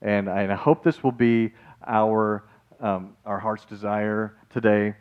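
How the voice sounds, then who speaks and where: Lively, joking male pastor preaching. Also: lowish voice, measured pace, clean tone, lo-fi sound. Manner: lively, jokey preaching with asides and acted-out quotes. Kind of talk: sermon.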